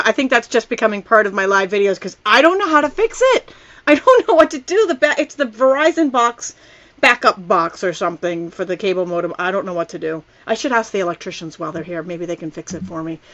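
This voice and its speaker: A woman's voice: mid-range voice, lively intonation, fairly quick, a bit bright, dull audio. A middle-aged woman chatting casually on a live stream from her home, upbeat and rambling, laughing often. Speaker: card-making instructor. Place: home family room.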